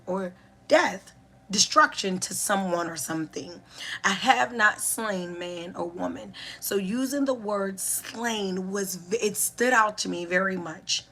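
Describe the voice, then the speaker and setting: A woman teaching as a spiritual educator and healer, speaking deliberately and repeating key phrases for emphasis. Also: mid-range voice, a bit bright. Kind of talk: reflective spiritual teaching monologue.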